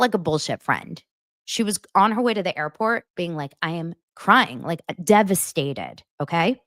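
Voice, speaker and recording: A woman's voice: medium pitch, no room sound, clean studio sound. A woman hosting a casual gossip show, chatting and reading out text messages, often stopping to correct herself. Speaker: podcast host.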